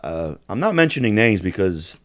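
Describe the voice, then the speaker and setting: A man's voice: on the low side, big pitch swings, moderate pace, dry recording. Blunt, profane man in his forties. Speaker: podcast host. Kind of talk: casual storytelling chat.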